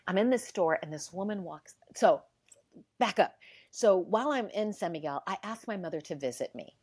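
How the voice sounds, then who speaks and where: A middle-aged woman telling a heartfelt personal story in casual conversation. She acts out the dialogue and sometimes drops to a hush. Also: lowish voice, animated, normal speed, husky. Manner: heartfelt and emotional.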